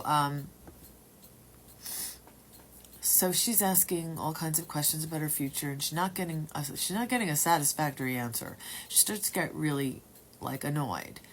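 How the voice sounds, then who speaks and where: A woman at home telling a personal story in a rambling, halting way, sometimes dropping to a whisper. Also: sits low, a little hiss or hum. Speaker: testimony speaker.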